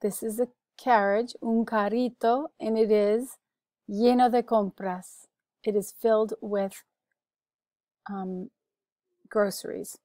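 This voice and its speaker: An American woman talks through a vocabulary lesson at a slow, deliberate pace. She repeats each word carefully so learners can follow. The recording is close and dry, with no room sound. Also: medium pitch, little pitch movement, darkish tone, dry recording. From United States. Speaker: Spanish teacher.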